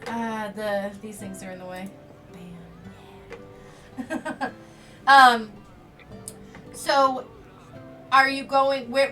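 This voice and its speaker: A woman narrating as game master of a tabletop role-playing game in a relaxed, chatty way. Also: a little high, far from the mic.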